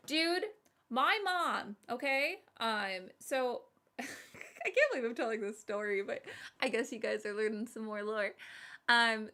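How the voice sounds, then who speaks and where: A woman in her thirties chatting casually to stream viewers, telling rambling stories with lots of fillers and laughter. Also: on the high side. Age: 30s. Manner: rambling, animated storytelling with frequent laughs and fillers. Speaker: streamer and podcast host.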